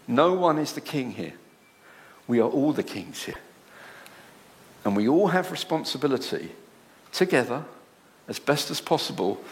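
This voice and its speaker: Animated male preacher with rhetorical questions. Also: mid-range voice. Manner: dramatic voices when quoting others. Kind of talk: sermon. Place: church, speaking to a congregation in a room.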